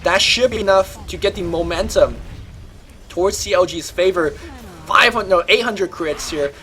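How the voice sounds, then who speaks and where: A man casting a live video game match, giving rapid, excitable play-by-play that climbs during fights. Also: high voice, a little hiss or hum. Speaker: esports caster.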